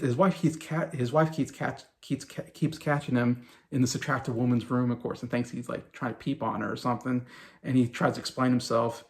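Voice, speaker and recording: A man's voice: mid-range voice, gravelly. A man around forty giving a casual, rambling review of a TV show, full of fillers and little chuckles. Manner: rambling, loose retelling with many fillers and chuckles.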